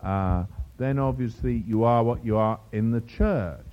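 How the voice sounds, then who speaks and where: A man preaching a sermon to a congregation, lively and teasing, mimicking other preachers' voices for humor. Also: medium pitch, a little slow. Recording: dull lo-fi sermon recording.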